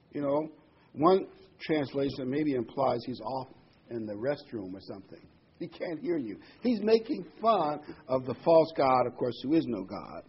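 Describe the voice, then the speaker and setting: A man's voice: on the high side, expressive, normal speed, lo-fi sound, slight background noise. A man preaching a sermon, retelling a scripture story with many asides and fillers.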